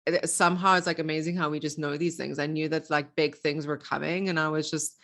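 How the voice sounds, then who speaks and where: A woman's voice: low-pitched, flat delivery, a little fast, fairly bright tone. A young woman coach, a guest on a podcast, talking in a casual, heartfelt way, gushing and laughing. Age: young adult.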